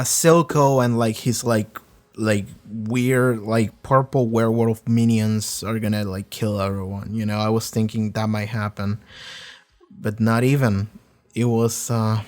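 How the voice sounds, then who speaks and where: Low-key rambling man reviewing a show. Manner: rambling, filler-heavy, low-energy. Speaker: reaction video host. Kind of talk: casual spoken review.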